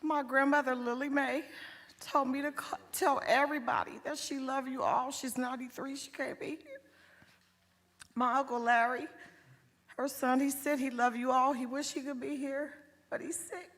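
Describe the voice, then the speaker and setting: A woman with a weak, quiet voice gives a halting funeral tribute, her voice pitched quite high. The words trail off into a long hall reverb. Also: level tone. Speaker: family member giving a tribute. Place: funeral home chapel.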